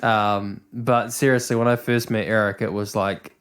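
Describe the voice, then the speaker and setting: A man's voice: on the low side, flat delivery, moderate pace, fairly bright tone. A young man hosting a casual podcast chat, rambling with lots of restarts and the odd swear word. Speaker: podcast host.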